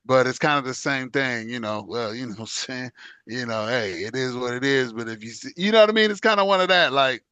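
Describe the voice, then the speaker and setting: Middle-aged man with a smooth, clear voice. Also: medium pitch, fairly quick, pushed and bright, no room sound. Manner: loose, conversational, often repeats "you know what I'm saying". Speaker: podcast co-host. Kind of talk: casual chat.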